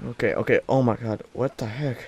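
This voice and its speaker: A man's voice: mid-range voice, fairly even intonation, fairly quick, a little mellow, breathy edge. A man gaming with friends on a horror map, panicky, yelping and repeating himself. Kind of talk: casual gaming chat.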